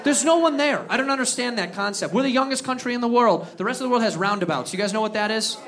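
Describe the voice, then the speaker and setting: High-voiced American man doing loud stand-up. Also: quick pace. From United States. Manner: loud, animated, profane rants with acted-out quotes. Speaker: stand-up comedian. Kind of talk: stand-up comedy set. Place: comedy club stage with a laughing audience. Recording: live club recording, crowd laughter and noise.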